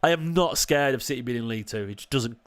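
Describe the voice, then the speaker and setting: A man's voice: medium pitch, fast talker, clear, resonant tone. Sarcastic man arguing with his chat. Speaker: football fan streamer hosting a watchalong. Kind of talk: live-stream match commentary and chat replies.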